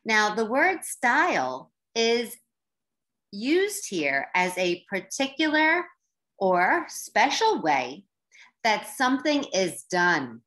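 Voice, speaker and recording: A woman teacher giving a slow, clear lesson to young learners, encouraging them and stretching words out syllable by syllable. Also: medium pitch, huge pitch swings, a bit bright. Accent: American.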